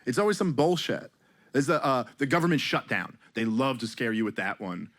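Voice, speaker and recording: A man performing a stand-up comedy set on a club stage, talking sarcastically and profanely in an animated way, with mock voices. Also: mid-range voice, brisk.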